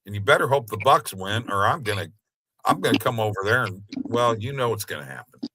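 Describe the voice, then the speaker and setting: A man's voice: fairly low pitch, lively intonation, brisk, sharp tone, husky, dry recording, low-quality recording. A man co-hosting a casual sports betting show, joking and trash-talking as he reads out stats.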